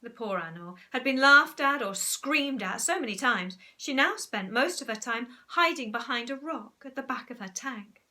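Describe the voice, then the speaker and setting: Animated woman reading a story. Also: on the high side, normal speed, few pauses. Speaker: teacher. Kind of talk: storybook read-aloud.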